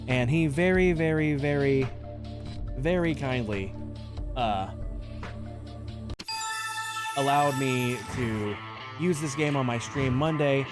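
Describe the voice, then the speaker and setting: A man streaming live, playing host of a game-show game with playful, animated patter. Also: mid-range voice, takes it slowly, long pauses. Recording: stream with music playing behind. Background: background music.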